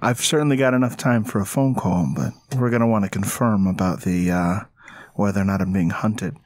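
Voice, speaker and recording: Brief: man doing a wary vampire gang leader, female, low and dry, close dry mic. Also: brisk, no room sound, close to an everyday voice. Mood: guarded.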